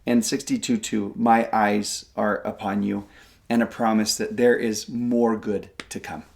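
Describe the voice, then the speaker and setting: A man in his forties co-hosting a scripture podcast, talking casually and getting animated as he paraphrases verses. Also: measured pace, gravelly. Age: 40s. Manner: animated, jumps up in pitch when voicing God's kindness. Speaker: co-host of a scripture study podcast.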